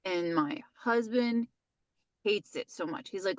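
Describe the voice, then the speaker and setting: A woman's voice: medium pitch, animated, fast, no room sound, dull audio. A woman in her forties co-hosting a podcast, telling stories in rambling casual chat with many restarts. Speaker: podcast co-host.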